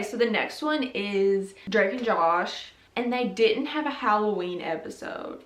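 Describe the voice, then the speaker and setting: A young woman hosting a casual video, chatting and giggling about TV episodes with lots of "like". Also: mid-range voice. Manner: chatty and giggly, heavy use of "like". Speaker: YouTube host. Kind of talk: casual chat reviewing TV episodes. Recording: roomy echo, mic at a distance.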